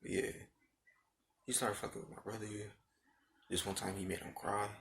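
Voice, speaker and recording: A man's voice: fairly low pitch, fairly even intonation, moderate pace, gravelly, fairly bright tone, slight background noise. A young man telling a rambling, profane story about his school days in casual talk, repeating himself often.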